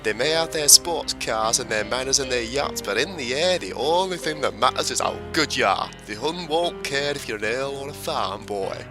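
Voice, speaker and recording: A man's voice: medium pitch, expressive, normal speed, hardly any pauses, over music, lightly acted. A man voicing a friendly male RAF flight officer who reassures a young pilot in a blunt, encouraging way.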